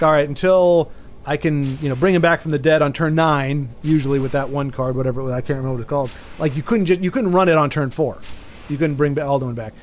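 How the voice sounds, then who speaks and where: A man streaming a game and chatting casually, rambling with frequent restarts and sudden excited bursts. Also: a little high, slight background noise. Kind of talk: casual chat while gaming.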